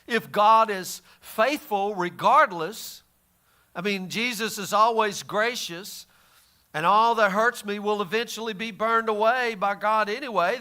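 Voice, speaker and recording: A man's voice: high voice, measured pace, bright, forceful tone. A man teaching the Bible in a casual, folksy way, often restarting his sentences. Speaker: pastor.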